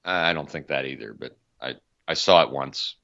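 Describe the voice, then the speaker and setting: A man's voice: a bass voice, normal speed, creaky, bright, forceful tone, highs cut off. A man co-hosting a casual film podcast, enthusiastic and rambling as he recalls scenes. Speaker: podcast co-host.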